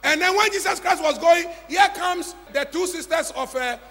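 Pastor, high gravelly voice, dramatic sermon storytelling in an echoey church hall. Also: male voice, moderate pace. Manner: dramatic storytelling, swinging from hushed to shouting.

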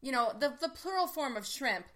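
High, bright, giggly woman. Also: a little fast. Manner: giggly, laughs often, animated storyteller. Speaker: podcast co-host. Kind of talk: casual chat.

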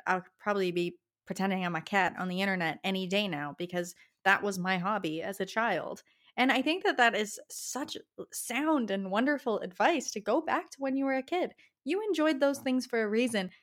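A young woman with a Canadian accent talks through a casual solo podcast. She is passionate and chatty, and her pitch climbs at the end of her phrases. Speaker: podcast host.

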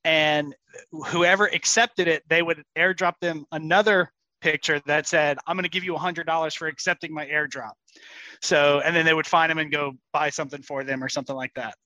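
A man co-hosting a casual podcast, relaxed as he tells a story and quick to laugh. His voice is bright and clear, and the recording sounds dry and close. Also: fairly high pitch, dry recording, low-quality recording. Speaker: podcast co-host. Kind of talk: casual chat.

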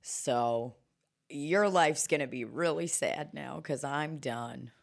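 Lowish-voiced woman cohost, laughs a bunch, drops f-bombs, just chatting at the mic. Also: takes it slowly, vocal fry. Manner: laughs often, swears casually. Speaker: podcast co-host. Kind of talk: casual chat. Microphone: studio microphone.

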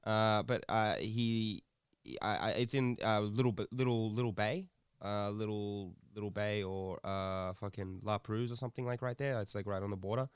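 A man's voice: lowish voice, fairly even intonation, normal speed, clear, resonant tone, no room sound, clean studio sound. A young man co-hosting a podcast, telling a rambling story with swearing and laughter. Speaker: podcast co-host. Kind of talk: casual podcast chat.

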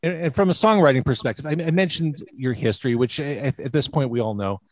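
A man's voice: medium pitch, fast. A male host on a video call giving jokey introductions in a casual interview.

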